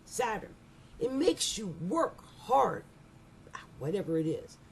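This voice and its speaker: A middle-aged woman giving a rambling, animated astrology reading, laughing often and restarting her sentences. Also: mid-range voice, slow pace, vocal fry, a little hiss or hum. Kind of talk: casual monthly astrology reading.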